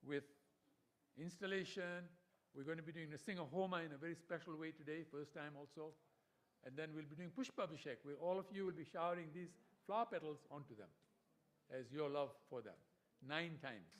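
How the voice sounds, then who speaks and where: A man giving a devotional sermon to a congregation, explaining slowly and often checking in with "right?". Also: a little high. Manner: keeps checking in with listeners with "right?"; explains slowly, counting out syllables. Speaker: temple preacher.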